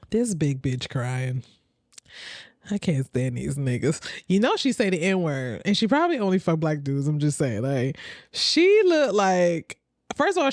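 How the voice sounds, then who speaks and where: A woman's voice: mid-range voice, dry recording, clean studio sound. A woman hosting a reaction video, commenting bluntly and profanely and laughing often.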